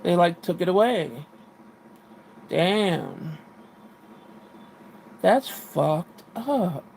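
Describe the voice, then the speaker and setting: Woman host, casual live chat, gravelly, annoyed venting, faint hiss behind. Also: on the low side, very animated, very slow, darkish tone. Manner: frustrated, venting, swearing. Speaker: livestream host.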